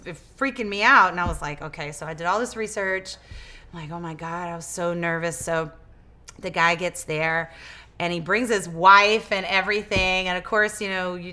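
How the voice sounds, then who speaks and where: A woman guest in a casual interview, telling her story in a lively way, acting out quoted dialogue and often restarting her words. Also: lowish voice. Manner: animated, acts out quoted dialogue. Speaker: interview guest, business owner.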